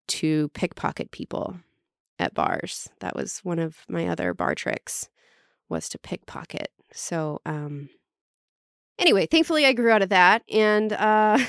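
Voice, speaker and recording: A middle-aged woman hosts her podcast alone, chatting loosely and poking fun at herself. Her voice sits a little low, smooth and clear. The recording is dry and close. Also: dry recording. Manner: chatty, self-deprecating, quick to laugh at herself. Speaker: podcast host. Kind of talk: casual monologue.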